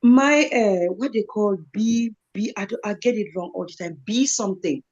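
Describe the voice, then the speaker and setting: A woman's voice: mid-range voice, moderate pace, a little mellow, dull audio. A woman speaking as a guest in an online live talk, earnest and motivational, repeating phrases for emphasis. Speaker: guest speaker, kidney patient.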